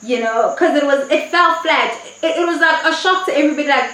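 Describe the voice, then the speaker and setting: A woman talks through a reality show episode in a loose, candid way, swearing as she goes. Her voice sits a little high. The room around her sounds echoey. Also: brisk, few pauses, a bit bright. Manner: chatty, candid, swears freely. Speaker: TV show reviewer. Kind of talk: casual review vlog.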